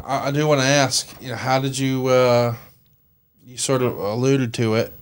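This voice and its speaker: A man co-hosting a podcast, asking short, soft-spoken questions in casual chat. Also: mid-range voice, fairly even intonation, normal speed. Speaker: podcast co-host.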